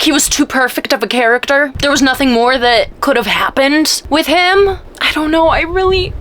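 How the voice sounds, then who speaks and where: A young woman chatting casually in a reading vlog, excitable and rambling, swinging between hushed whispers and high squeals. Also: slight background noise. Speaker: book vlogger.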